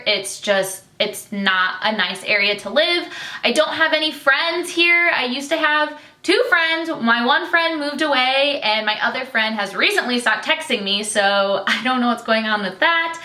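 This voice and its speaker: A woman's voice: a little high, sharp tone, reverberant. A young woman from Michigan talking candidly to camera in a personal vlog, chatty with many fillers and tearful at times. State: tearful, getting emotional. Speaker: vlogger, military wife.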